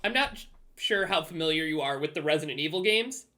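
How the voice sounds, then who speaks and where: A man hosting a laid-back podcast, his voice a bit high and bright. He chats loosely and swears casually. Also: fast. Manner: relaxed, casual, swears freely.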